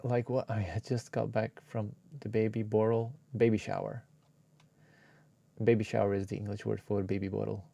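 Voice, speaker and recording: A man's voice: fairly low pitch, flat delivery, moderate pace, gravelly, dark tone, no echo. A man casually chatting with his live viewers while he edits a video, muttering to himself and now and then dropping into a whisper. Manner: laid-back, swears casually. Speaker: streamer editing a video live. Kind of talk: casual live-stream chat.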